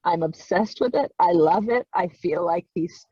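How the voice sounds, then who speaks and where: A woman's voice: on the low side, moderate pace, few pauses, warm tone, slightly rough, no room sound. A woman volunteer genealogist speaking on a video call, choked up and crying as she gushes and repeats herself. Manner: tearful, gushing, repeats herself. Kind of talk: emotional participant remarks. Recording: dull dry video call audio.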